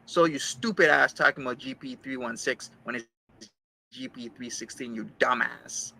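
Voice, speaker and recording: A man with a gravelly, very bright voice tears into a rival in a furious, profane rant. He circles back to the same complaint again and again, and he spits out insults in between. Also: medium pitch, moderate pace, rough recording. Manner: heated, insulting, repetitive. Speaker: streamer ranting about a rival.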